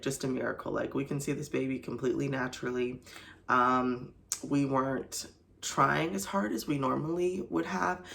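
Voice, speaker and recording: A woman's voice: rumbling low, creaky, a bit bright. A young woman vlogger telling a personal story to camera in a casual, chatty way, full of "like" and "you know". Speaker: faith vlogger.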